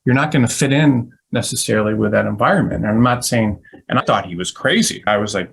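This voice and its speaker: A man's voice: mid-range voice, animated, fast, vocal fry, a bit bright, husky, poor audio. A middle-aged man giving a casual webinar talk, telling stories with many restarts. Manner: rambling storytelling with frequent restarts. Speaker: legal recruiter giving a webinar.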